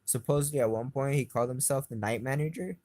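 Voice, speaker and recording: A man's voice: mid-range voice, fast talker, a little mellow, dry recording. A man giving a rambling, profane, agitated first-person account in an interview.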